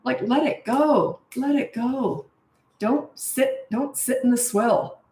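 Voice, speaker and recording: A middle-aged woman parenting coach answering questions in a blunt, brisk, no-nonsense way. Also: high-pitched, dark tone. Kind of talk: casual Q&A advice. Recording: echoey room.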